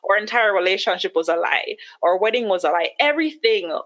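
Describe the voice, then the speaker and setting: A woman guest on a podcast, telling a personal story candidly and acting out her own past words with sharp jumps in pitch. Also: animated, brisk, highs cut off.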